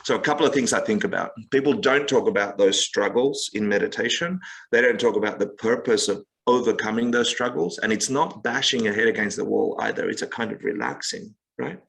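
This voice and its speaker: Guy with a bright voice, chatty podcast guest, acts out little quotes while explaining meditation. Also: on the low side, brisk, creaky, rough recording. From United States. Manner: expressive storyteller, acts out quotes, gaming analogies. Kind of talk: animated podcast conversation.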